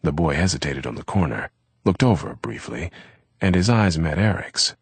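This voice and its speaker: A man reading a novel aloud as an audiobook narrator, with a measured, steady delivery. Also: extremely low pitch, husky, no room sound.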